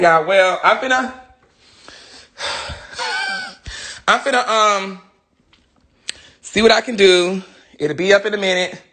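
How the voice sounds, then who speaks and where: A man on a phone livestream who chats loosely and directly to his viewers. His voice is husky and a little rough around the edges. His pitch swings up and down a lot as he talks. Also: sharp tone. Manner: chatty, talks straight to viewers. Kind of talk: casual livestream chat.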